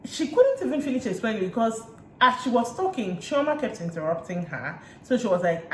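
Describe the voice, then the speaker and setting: A woman's voice: fairly high pitch, a little fast. Chatty Nigerian woman in an echoey room. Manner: chatty, retells scenes with lively asides. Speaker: reality TV reviewer. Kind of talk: casual recap chat. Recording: roomy room echo, faint hiss.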